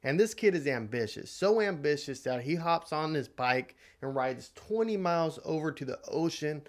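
A man vlogger telling a motivational story in an animated, dramatic way. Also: fairly high pitch, normal speed.

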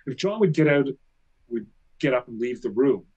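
Animated husky-voiced male storyteller. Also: medium pitch, moderate pace, lo-fi sound. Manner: animated, self-mocking anecdotes. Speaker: guest. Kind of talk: casual interview storytelling.

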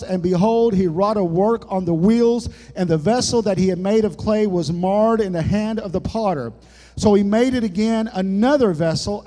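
Male pastor, high voice, unhurried folksy sermon, church echo. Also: warm tone. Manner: folksy preaching with jokes and sudden dramatic drops in volume. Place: church sanctuary. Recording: long church hall reverb.

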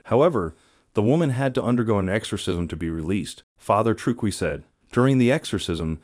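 A man narrating a scripted storytelling video as the channel's host, in a steady, even read. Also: sits low, no room sound, studio quality.

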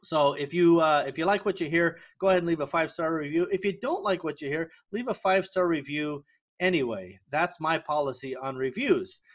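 A man's voice: fairly high pitch, expressive, fairly quick. A middle-aged man hosting a podcast, talking in a breezy, jokey, self-deprecating way. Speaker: podcast host. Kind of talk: casual interview.

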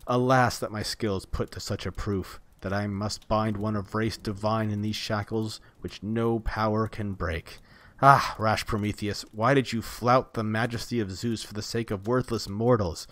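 A grave, sorrowful smith god, read out by a man, reluctant and weighed down. The voice sits low and the recording is dry and close, as in a storybook reading. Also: fairly even intonation, normal speed, fairly bright tone, no echo, natural voice.

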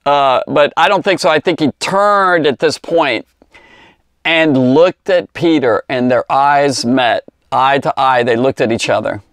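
A man teaching a Bible story to kids in a rambling, conversational way, full of fillers and asides, slowing down to stress key words. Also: mid-range voice, a bit bright, dry recording, studio quality. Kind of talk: informal Bible lesson for children.

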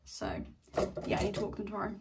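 A woman's voice: medium pitch, very animated, quick pace, recorded from a distance, slight background noise. A young woman in her twenties chatting casually in a home vlog, rambling, trailing off and swearing freely. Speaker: vlogger. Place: home, indoors.

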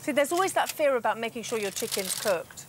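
Brief: eager Scottish woman host, fairly high voice, faint studio noise behind. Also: animated, fairly quick. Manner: enthusiastic, lots of exclamations. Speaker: TV presenter. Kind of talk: studio chat. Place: TV studio kitchen.

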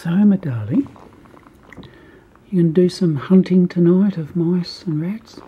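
An older man filming at home, chatting fondly to his cat and slipping into a soft whisper. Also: high voice, measured pace, slightly rough, dull audio. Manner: doting and chatty, drifts between cooing and soft whispering. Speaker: cat owner filming a video. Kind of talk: casual home video, cooing to a pet.

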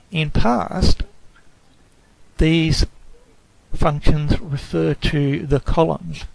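A man walks through a statistics software tutorial at an unhurried, deliberate pace, stopping to correct himself now and then. His voice sits a little high and carries a gravelly edge. The sound is close and dry, with no room around it. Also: dry recording, low-quality recording. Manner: slow, careful explaining with self-corrections. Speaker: lecturer.

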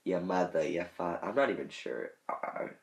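A man with a low voice chats loosely and jokes as he weighs silly choices. He rambles and trails off into mumbles. The room around him rings with echo. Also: normal speed. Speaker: gaming channel host. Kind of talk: casual chat. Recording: echoey room.

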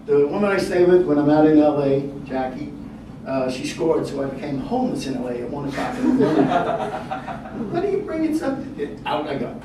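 A male stand-up comic with a slightly higher voice, telling wry stories on a club stage. He sits far from the mic, in a strongly echoing room with noticeable noise behind him. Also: animated. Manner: wry storytelling with punchline pauses. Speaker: stand-up comedian. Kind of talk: stand-up comedy set. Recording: echoey room from a distance, noisy.

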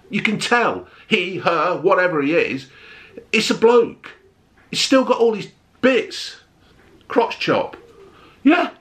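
A middle-aged man, ranting bluntly to camera in a vlog, swearing heavily and flaring up loudly. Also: high-pitched. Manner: blunt, heavy swearing, rising to shouty outbursts. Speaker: vlogger.

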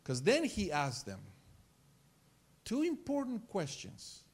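A male pastor preaching a sermon in church, telling stories with lively acted-out scenes and repeating words as he gets excited. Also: sits high, slow, breathy edge. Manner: animated storytelling, acts out scenes.

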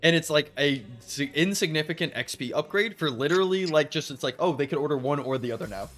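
A man's voice: on the high side, expressive, quick pace, a bit bright, soft background music. A man streaming a cooking game with friends, casually explaining the mechanics in rambling, restarting sentences. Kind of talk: casual gaming chat.

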